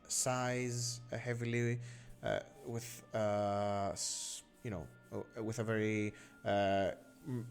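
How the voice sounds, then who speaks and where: Slow, halting male game master. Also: lowish voice, flat delivery, faint music behind. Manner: unhurried, halting with many fillers. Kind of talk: narrating a tabletop game.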